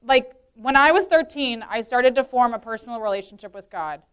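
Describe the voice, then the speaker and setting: A woman's voice: on the high side, expressive, a little fast, fairly bright tone, clean tone. A woman in her late twenties giving a casual, earnest testimony talk, chatty, filling her speech with "like" and laughing often. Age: 20s. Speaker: youth leader speaking at a women's meeting.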